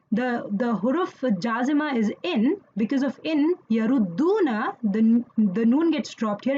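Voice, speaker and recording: A woman's voice: on the high side, a little mellow, lo-fi sound, a little hiss or hum. A woman teaching Quranic Arabic grammar in an online lesson, explaining patiently and checking in with listeners as she goes.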